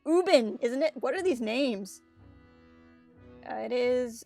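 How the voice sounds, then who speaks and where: A woman's voice: on the high side, lively intonation, slow, creaky, a little mellow. Joking female game streamer, faint music. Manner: joking, self-mocking. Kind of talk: casual game-stream commentary, reading dialogue aloud.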